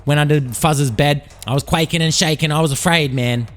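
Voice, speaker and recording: Aussie guy hosting a podcast, spinning crude tall tales, kinda high-pitched voice. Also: fairly quick. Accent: Australian. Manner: crude, profane, tall-tale storytelling. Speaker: podcast host. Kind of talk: comedic rambling monologue.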